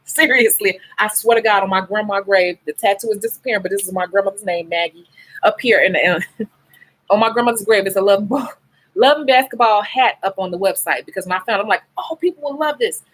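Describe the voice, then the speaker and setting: A woman's voice: mid-range voice, a little fast, a bit bright, poor audio. A tired, sleep-deprived woman who works as a nail technician talks bluntly and emotionally to her viewers in a candid livestream chat. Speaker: nail technician and beauty YouTuber.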